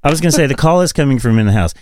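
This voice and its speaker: A man co-hosting a podcast in casual political chat, profane and animated, often laughing. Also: medium pitch, rapid-fire, no echo. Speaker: podcast co-host.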